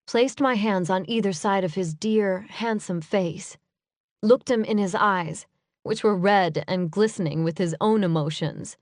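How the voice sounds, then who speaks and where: A woman reading an audiobook in first person, with measured, unhurried storytelling. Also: medium pitch, no room sound, studio quality. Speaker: audiobook narrator. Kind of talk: first-person scripted narration.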